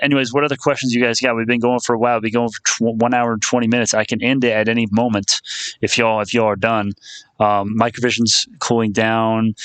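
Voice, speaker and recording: A man's voice: medium pitch, fairly bright tone, no room sound. A young man chatting casually on a live stream about stocks, rambling, restarting his phrases and calling viewers "my friend".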